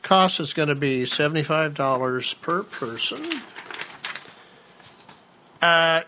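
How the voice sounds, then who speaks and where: A man's voice: a little high, sharp tone, a little hiss or hum. A man co-hosting a casual chat, reading out event listings with playful, joking asides. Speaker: co-host.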